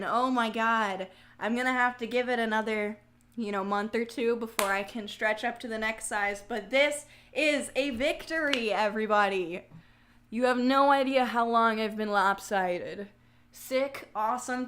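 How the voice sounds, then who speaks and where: A young woman hosts a casual livestream, chatting, cracking jokes, and responding to viewer comments as she goes. Her voice sits a little high with a fairly bright tone, and she laughs easily and tosses in jokey asides.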